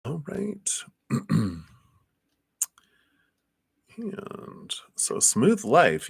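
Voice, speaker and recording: A man's voice: animated, unhurried, a bit bright. A man doing live tarot readings for viewers, chatty and full of fillers, acting out little imagined conversations. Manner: chatty, acts out little scenes in higher voices. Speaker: tarot reader.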